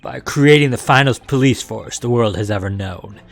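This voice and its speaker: A man's voice: mid-range voice, normal speed, vocal fry, soft background music, voice pushed down, close to an everyday voice. A man reading out a stern, grandiose police chief lord in a pompous, declaiming manner while playing a game on stream.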